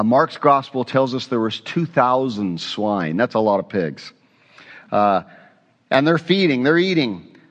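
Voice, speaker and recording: A man's voice: medium pitch, big-room sound, lo-fi sound. A man preaching an expository sermon as a pastor, conversational and often asking his congregation questions.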